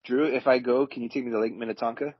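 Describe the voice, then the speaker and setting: A man joining a casual sports podcast, tossing in quick jokes and asides. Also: medium pitch, fairly even intonation, breathy edge. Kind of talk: casual chat. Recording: dull lo-fi remote audio.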